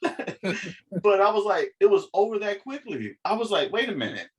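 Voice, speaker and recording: A man's voice: high-pitched, moderate pace. A man co-hosting a podcast in casual chat, telling stories with lots of laughter. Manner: laughs often, animated storytelling. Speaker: podcast co-host.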